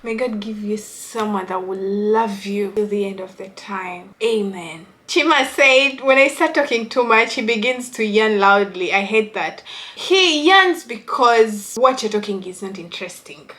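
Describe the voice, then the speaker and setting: A woman's voice: medium pitch, measured pace, a bit bright. A middle-aged woman vlogging relationship advice in casual chat, reading viewers' comments with a teasing, chatty manner. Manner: chatty, teasing, bursts into laughter.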